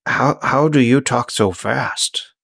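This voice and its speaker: A man voicing a dim sailor with a broken jaw who talks slowly and haltingly. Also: medium pitch, no echo, studio quality, close to an everyday voice. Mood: puzzled. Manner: slow, halting speech.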